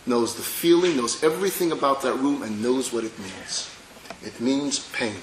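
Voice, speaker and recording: A man, a rabbi, gives a religious lecture with dramatic storytelling, sometimes dropping to soft, intimate tones. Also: medium pitch, a little hiss or hum. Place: lecture hall with an audience. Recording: echoey lecture hall.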